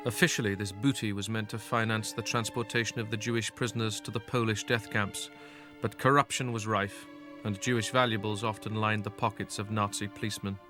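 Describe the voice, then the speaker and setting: A man giving scripted documentary narration in a measured, grave delivery. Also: lowish voice, fairly even intonation, music in the background.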